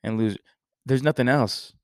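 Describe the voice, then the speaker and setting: A man's voice: mid-range voice, moderate pace, dry recording, clean studio sound. A man hosting a casual sports podcast, joking and rambling through banter with his co-host. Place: Texas.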